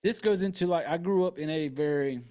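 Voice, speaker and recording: Excitable, profane man recapping a movie. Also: on the high side, brisk. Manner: acts out characters' lines in quotes. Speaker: podcast host.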